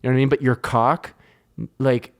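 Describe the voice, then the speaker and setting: Profane, animated male podcast host. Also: medium pitch, normal speed, smooth. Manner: animated, profane, heated retelling of anecdotes. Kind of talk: casual storytelling chat.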